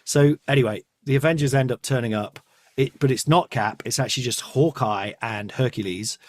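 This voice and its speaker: A man hosting a podcast, retelling a story in casual comic chat with rambling, animated asides. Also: mid-range voice, moderate pace. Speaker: podcast host.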